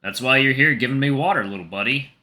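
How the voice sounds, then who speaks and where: A man's voice: mid-range voice, fast, bright, forceful tone. A man voicing an easygoing, wry adult male tiger who teases as he drinks, in a story game. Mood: teasing. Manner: teasing, laid-back drinking talk.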